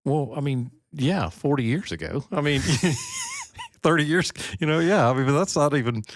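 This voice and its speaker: A man's voice: on the high side, wildly swooping pitch, normal speed, slight background noise. A middle-aged man co-hosting a podcast in casual chat, rambling and often breaking off mid-sentence. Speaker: podcast co-host.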